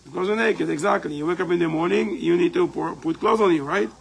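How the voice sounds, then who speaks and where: A man's voice: high voice, fast talker, gravelly, rough recording. A man teaching a live class in a community center, explaining step by step and often checking in with "right?".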